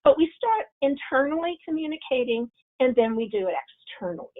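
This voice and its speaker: Coaching listeners in a parenting webinar on a video call, this woman acts out examples of angry self-talk. She speaks fairly quickly in an expressive voice that sits high. The sound is thin and tinny, like phone-line audio.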